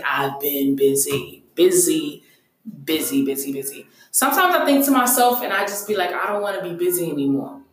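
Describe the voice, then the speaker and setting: A woman's voice: sits low, a little hiss or hum. A young woman hosting a casual solo podcast, talking candidly and profanely with self-mocking humor. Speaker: podcast host. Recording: very echoey room.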